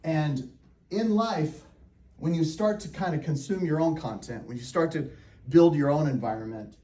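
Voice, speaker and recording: A man with a fairly high voice tells a story to a live audience. He talks in an animated way and laughs often. The room is echoey and the mic sits a little way off. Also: moderate pace, recorded from a distance. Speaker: real estate coach.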